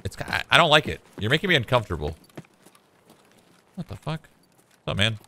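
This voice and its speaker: Relaxed swearing male streamer, bright voice. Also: mid-range voice, a little fast, gravelly, slight background noise. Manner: laid-back, joking, swears often. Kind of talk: casual gameplay commentary.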